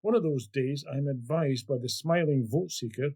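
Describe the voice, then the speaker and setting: A man's voice: mid-range voice, normal speed. A Scottish man, a guest on a podcast, reading literature aloud and then chatting about it. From Scotland. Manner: animated, broad-voiced reading.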